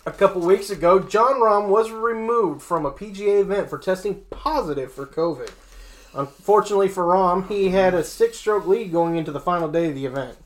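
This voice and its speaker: Sports talk host reading off rankings, casual, middle pitch, cracks little jokes. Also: a little fast, slight background noise. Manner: reads lists plainly, joking asides.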